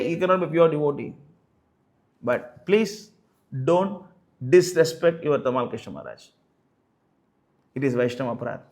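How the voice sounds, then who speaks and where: A man presenting a spoken rebuttal commentary in an argumentative manner, often pausing on "you know" and "uh". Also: mid-range voice.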